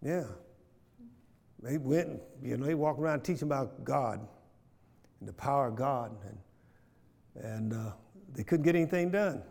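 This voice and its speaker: A man's voice: medium pitch, measured pace, creaky, long pauses, darkish tone, big-room sound. A man leading a Bible study in church, moving from plain talk to fervent preaching, often asking the room questions and repeating phrases. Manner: builds from conversational to fervent preaching. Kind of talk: church teaching with call and response.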